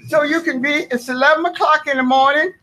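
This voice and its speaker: A woman's voice: high-pitched, steady tone, a little fast, bright, forceful tone. A woman, speaking as a tenant during public comment at a board meeting, earnest, folksy and insistent. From Southern United States.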